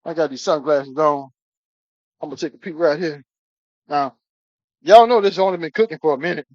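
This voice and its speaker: A man cooking on a live stream, talking excitedly to his viewers, calling them baby again and again and breaking into whoops. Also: on the high side, fairly quick, dry recording. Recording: dull lo-fi stream audio.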